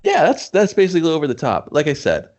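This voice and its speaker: A man's voice: fairly high pitch, fast talker, dull audio. A man co-hosting a podcast, reviewing a movie in casual chat, swearing a lot and acting out scenes in put-on voices. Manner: profane, animated, acts out scenes in voices. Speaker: podcast co-host.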